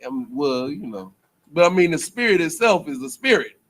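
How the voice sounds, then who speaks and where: A man's voice: fairly high pitch, big pitch swings, normal speed, fairly bright tone. A man giving a casual, rambling preaching talk to a group, full of slang and repeated phrases. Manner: rambling, repetitive, colloquial. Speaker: speaker in a group teaching session.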